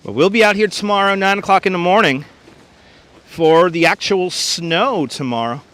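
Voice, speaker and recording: Chatty man live-streaming outdoors, higher voice. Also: normal speed, a bit bright. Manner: chatty, greets viewers and reads chat names aloud. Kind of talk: casual live-stream chat. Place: outdoors on a frozen beach. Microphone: wireless lapel mic, phone on gimbal.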